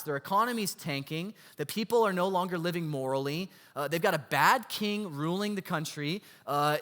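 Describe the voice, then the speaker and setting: A high-pitched male pastor preaches a sermon in an animated storytelling style, frequently posing rhetorical questions to the congregation. The recording carries long hall reverb.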